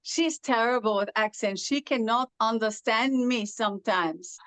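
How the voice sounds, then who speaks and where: A woman's voice: a little high, a little slow, fairly bright tone, no echo. A woman from California who speaks with a British-sounding accent, chatting casually as an interview guest and telling stories carefully. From Los Angeles, California. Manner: speaks with a foreign-sounding accent from a speech condition, often described as British. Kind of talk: casual conversation.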